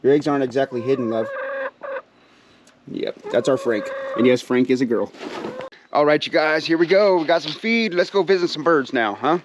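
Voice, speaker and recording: A man's voice: fairly high pitch, moderate pace, noisy background. A man hosting a casual outdoor vlog at his pheasantry, folksy and rambling, full of fillers, often calling out to viewers and chatting sweetly to his birds. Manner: easygoing and folksy, many fillers, keeps addressing viewers as "you guys"; talks sweetly to his birds while walking around. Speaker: pheasant breeder and channel host.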